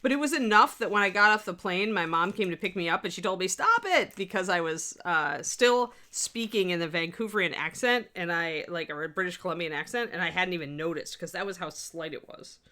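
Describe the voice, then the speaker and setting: Low, bright-toned woman sculpting instructor. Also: fairly quick, hardly any pauses. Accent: slight US West Coast. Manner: chatty, rambling asides while working. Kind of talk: live-stream tutorial chat.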